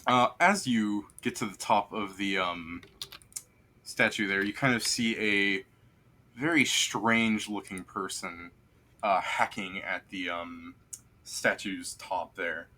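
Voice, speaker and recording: Bright-voiced male game master. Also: lowish voice, takes it slowly. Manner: rambling, filler-heavy scene description. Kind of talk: narrating a tabletop game.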